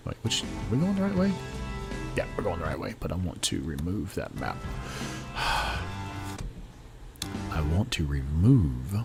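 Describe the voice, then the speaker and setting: A man's voice: low voice, huge pitch swings, unhurried, gravelly, long pauses, music in the background. A man with a Texan accent chatting casually while playing a game on a stream, laid-back and laughing often. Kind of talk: casual chat while gaming.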